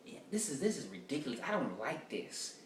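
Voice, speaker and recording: A touchy, preachy man who whines indignantly and peppers his scolding with "man", as a man puts him on. His voice rides a little higher than a normal speaking voice. The room is echoey and the mic sits away from him. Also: very animated, fairly quick, a little hiss or hum, lightly acted. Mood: indignant, whiny. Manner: whiny, indignant, keeps repeating "man". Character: offended, preachy man scolding on social media. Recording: roomy echo from far off.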